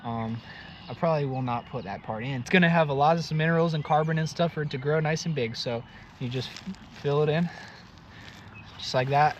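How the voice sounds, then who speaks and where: A man's voice: fairly high pitch, muffled recording, a little hiss or hum. A man casually vlogging outdoors, chatty and joking as he explains planting trees. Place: outdoors in fields.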